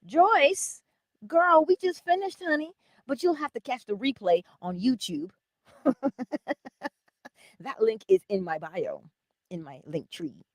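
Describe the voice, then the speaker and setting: A woman hosts a relaxed livestream chat, her pitch leaping up and down as she greets viewers by name and calls them honey. She talks at an unhurried pace, close to the mic in a dry, dead room. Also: no echo. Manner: animated, laughing often, calling viewers honey. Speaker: livestream host.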